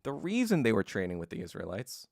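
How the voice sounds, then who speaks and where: A man's voice: lowish voice, huge pitch swings, quick pace, vocal fry, no room sound, studio quality. A man hosting a podcast, telling history in a loose, casual monologue full of swearing and acted-out quotes. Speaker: podcast host.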